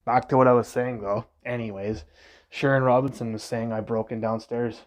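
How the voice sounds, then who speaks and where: A man's voice: medium pitch, fairly even intonation, normal speed. Young man ranting profanely on a phone livestream. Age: young adult. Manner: rambling, profane, aggrieved storytelling. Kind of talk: casual livestream rant. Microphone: phone livestream mic.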